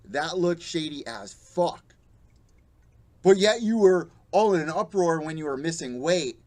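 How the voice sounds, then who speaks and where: With a slightly high, slightly mellow voice and lively intonation, this young adult podcast host delivers a live-streamed MMA commentary rant at a moderate pace, blunt and profane, mocking the fighters he quotes.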